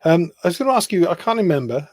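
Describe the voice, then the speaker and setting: A man's voice: high-pitched, very animated, fast, darkish tone, no room sound. A man hosting a fan phone-in, asking questions in a friendly way and reading out viewer comments. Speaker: host. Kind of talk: casual chat.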